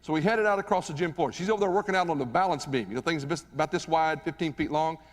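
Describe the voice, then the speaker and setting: Male keynote speaker, slightly high voice, chatty and animated, recorded live in a reverberant hall. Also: fast talker. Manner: animated, conversational, asks the audience questions. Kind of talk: live motivational speech with storytelling. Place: stage in a large hall.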